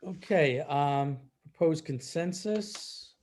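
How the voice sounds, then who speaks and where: A man chairing a public meeting over a video call, his voice sitting a little high. He talks in a relaxed way, with plenty of "um" and "uh" between motions. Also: takes it slowly. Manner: relaxed, many fillers.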